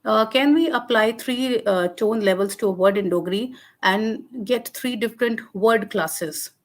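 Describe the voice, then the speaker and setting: A woman's voice: fairly high pitch, a little slow. Woman, Indian English accent, guest lecturer taking Q&A on a video call; patient and explanatory, with frequent fillers and self-corrections. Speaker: webinar guest speaker on linguistics. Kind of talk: answering audience questions in a webinar.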